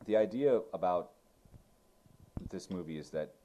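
A man with a very low, dark voice recaps a film in loose, rambling chat, tossing in crude jokes and mocking asides. There is a faint hiss of noise under the recording. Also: animated, a little slow. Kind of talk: casual movie recap chat.

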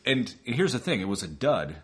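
A man's voice: mid-range voice, moderate pace. A man co-hosting a podcast, chatting casually about a movie and acting out its lines with animation. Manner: animated, acts out lines from the film. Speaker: podcast co-host.

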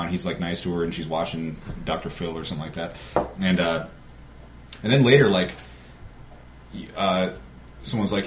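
Guy rambling thru a movie plot, laughing a lot, lowish voice, echoey room, kinda far from the mic. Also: brisk, long pauses, slight background noise. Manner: animated rambling storyteller, laughs often. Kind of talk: casual chat, movie talk.

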